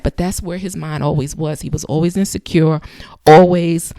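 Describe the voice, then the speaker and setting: A woman's voice: low-pitched, steady tone, normal speed, dark tone, no echo, studio quality. A woman in her thirties hosting a channel, giving casual, emphatic advice in a conversational way and repeating phrases for effect. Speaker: channel host.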